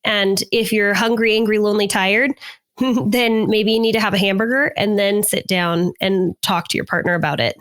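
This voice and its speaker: A woman's voice: mid-range voice, fairly even intonation, moderate pace, a bit bright. A woman who is a therapist and podcast co-host, talking in a casual, friendly conversational way. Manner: frequent agreeing backchannels.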